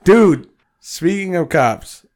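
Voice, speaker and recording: Man co-host; loose, cussing, animated storyteller. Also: high voice, slow pace. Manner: profane, animated storytelling with voiced quotes. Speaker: podcast co-host. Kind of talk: casual chat.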